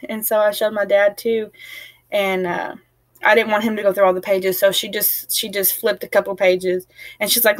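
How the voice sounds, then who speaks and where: Young woman, home vlogger, rambling chatty storyteller, sounds tired, mid-pitched voice, dry close sound. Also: level tone, normal speed, dry recording. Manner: chatty, rambling, laughs while recounting. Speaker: family vlogger. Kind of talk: casual storytelling to camera.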